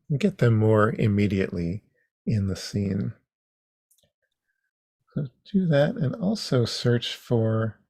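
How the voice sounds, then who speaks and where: A man guides an online comics class over a video call at an unhurried, halting pace. His voice sits low with a gravelly edge. The sound is close and dry. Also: darkish tone, no room sound. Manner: unhurried, halting with frequent ums. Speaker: comics workshop instructor. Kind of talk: teaching an online workshop.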